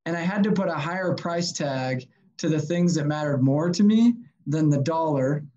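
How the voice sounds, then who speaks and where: Man, podcast guest, lively storyteller, acts out quotes, casual swearing. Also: a little high, moderate pace, muffled recording. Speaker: podcast guest, sales consultant.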